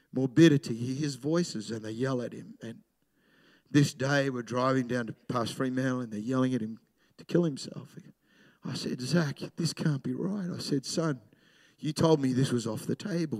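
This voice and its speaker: This middle-aged pastor has a mid-range voice and delivers his sermon conversationally, alternating between booming emphasis and softly told stories.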